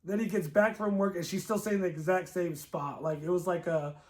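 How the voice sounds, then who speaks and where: High-voiced chatty man recapping a movie. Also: brisk. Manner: excitable, filler-heavy storytelling with lots of "like". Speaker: co-host movie reviewer. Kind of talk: casual chat.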